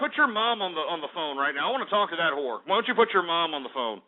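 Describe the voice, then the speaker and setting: A man's voice: a little high, big pitch swings, quick pace. A man hosting a call-in radio show, ranting angrily and swearing constantly. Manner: profane, heated ranting. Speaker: radio talk show host. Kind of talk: angry call-in radio rant. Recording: tinny phone-like audio.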